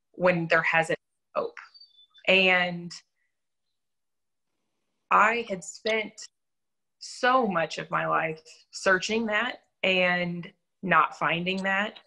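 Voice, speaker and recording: Young woman telling her church testimony, candid and earnest, lowish voice but bright and forceful. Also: fairly even intonation, slow, long pauses, low-quality recording. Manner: candid, earnest storytelling with self-deprecating laughs. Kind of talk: personal faith testimony in an interview.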